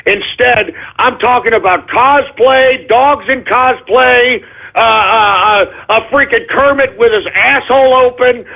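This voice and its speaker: A male radio show host with a hoarse voice, ranting in exasperation with shouted outbursts, curses and apologies. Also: very high-pitched, measured pace. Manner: curses, then apologizes for cursing. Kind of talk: ranting call-in radio monologue. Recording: tinny phone-like lo-fi audio.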